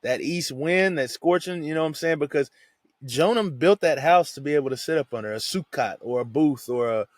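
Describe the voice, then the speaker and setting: A young adult man giving a relaxed, conversational Bible devotional who often drops "man" into his sentences. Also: fairly high pitch, brisk, no echo, studio quality. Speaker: devotional teacher.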